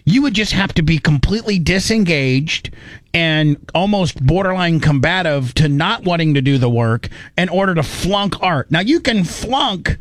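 A man's voice: a little high, expressive, moderate pace, no room sound. Blunt, rambling male host. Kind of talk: casual chat.

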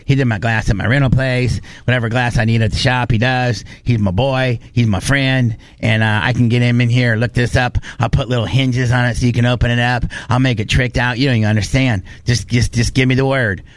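A man's voice: medium pitch, a little fast, hardly any pauses, dry recording. A man hosting a casual studio chat, telling a story with lots of energy and putting on voices to quote people. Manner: animated storyteller, quotes others in put-on voices. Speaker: podcast host.

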